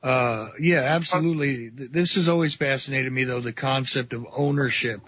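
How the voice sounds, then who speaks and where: Husky, easygoing male radio host. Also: medium pitch, normal speed, no room sound. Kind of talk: casual radio chat. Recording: dull radio audio.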